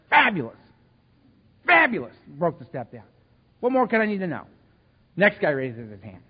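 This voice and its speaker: Animated man telling his story in a hall. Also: high-pitched, a little fast, pauses often, slightly rough. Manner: animated, self-mocking storyteller. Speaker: AA meeting speaker. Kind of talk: storytelling talk to a live meeting. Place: meeting hall. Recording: echoey hall, dull lo-fi sound.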